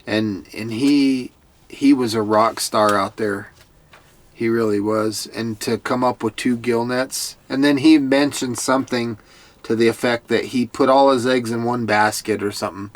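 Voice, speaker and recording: A man's voice: medium pitch, steady tone, measured pace. A man giving a casual recap of a TV episode, in an earnest, heartfelt way that sometimes stumbles over repeated words. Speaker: TV show commentator.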